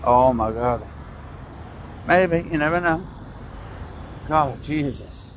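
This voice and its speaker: This walking vlog features a man with a fairly high, slow-paced voice, recorded outdoors with slight background noise. He rambles through a sarcastic rant, sighing and cursing along the way.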